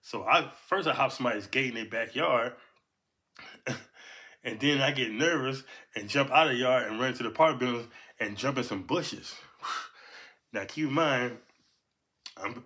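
A man in his fifties from Los Angeles tells a story casually, animated and profane, and punctuates his beats with sound words. His voice is bright and forceful, and his pitch sits in the middle. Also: moderate pace, long pauses.

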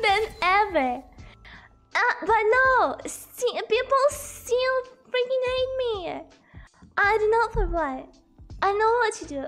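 Young woman, game streamer, very high voice, slow unhurried talk, hoarse from illness, giggly and repetitive, faint music underneath. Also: a bit bright. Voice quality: hoarse, voice sounds broken from illness. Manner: laughs often, repeats herself, chats with viewers. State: sick, coughing. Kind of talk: casual live-stream chat while gaming.

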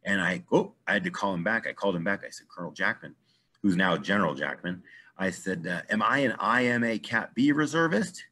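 A middle-aged American man tells a story to a live group with a deep, slightly husky voice. He is lively and acts out the voices of the people he quotes. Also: fairly quick. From United States. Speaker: guest speaker.

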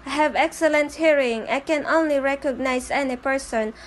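A woman dubbing a comic on her own, giving voice to every character and switching between them in quick bits of dialogue. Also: sits high, a little hiss or hum. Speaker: fan comic dubber. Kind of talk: fan dub of comics, voicing every character.

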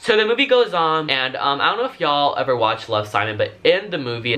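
Dude doing a storytime vlog, bright tone, super casual, says like a lot and swears. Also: male voice, medium pitch. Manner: chatty, filler-heavy, frank and profane. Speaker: vlogger telling a story.

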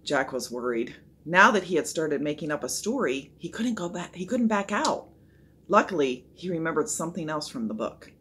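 A woman reading a children's chapter book aloud, expressive and voicing the characters. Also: deep voice, moderate pace, slight background noise. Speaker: storybook reader.

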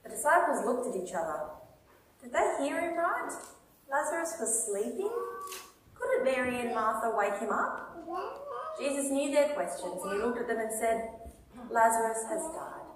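A woman reading a children's Bible story in a church, in an animated way and putting questions to her listeners. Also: fairly high pitch, moderate pace, pauses often. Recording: echoey church from far off.

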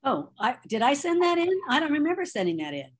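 A woman's voice: high voice, sing-song, fast. A woman on a video call, role-playing a prospect in a sales training with hesitant, conversational answers.

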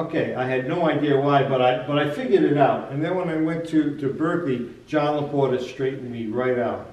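Mellow-voiced saxophone teacher, roomy sound. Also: male voice, medium pitch. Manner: halting, repeats words, explains with examples. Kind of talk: casual music lesson chat. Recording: roomy, distant from the mic.

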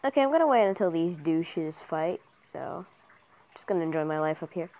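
A woman's voice: low voice, animated, moderate pace, mellow. A young woman commentating her mobile game casually, cheering and trash-talking other players. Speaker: gamer commentator.

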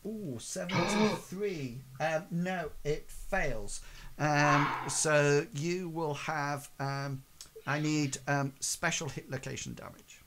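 A man running a tabletop role-playing game as its game master. He talks slowly and haltingly, filling his gaps with ums and sort-of-likes while he describes the action. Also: on the high side, steady tone, very noisy. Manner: halting, many ums and hedges.

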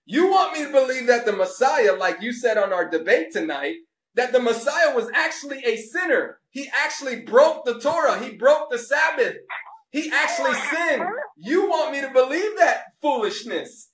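Man, preachy rant, taunting, sarcastic, high bright voice, echoey room. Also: sing-song, normal speed. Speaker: religious video host.

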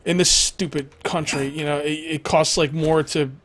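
A man's voice: on the high side, fairly even intonation, moderate pace, fairly bright tone, a little hiss or hum. A young man chatting casually on a game live stream, rambling, laughing often and reading viewers' messages aloud.

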